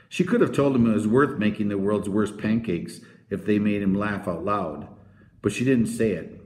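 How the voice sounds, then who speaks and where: A man reading a children's novel aloud as narrator, with expressive storytelling. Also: on the low side, moderate pace. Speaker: audiobook narrator. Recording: roomy echo.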